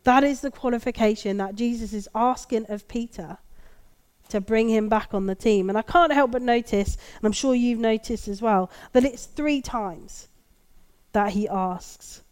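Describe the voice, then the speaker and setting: A woman preaching a sermon, reflective and gently emphatic, reading scripture aloud. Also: on the high side, moderate pace, smooth.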